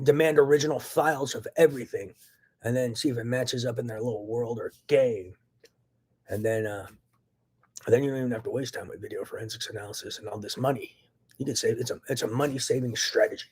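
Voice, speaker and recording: A man ranting angrily into the camera in a profane, agitated monologue, swinging between loud outbursts and low muttering. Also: slightly rough. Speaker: vlogger.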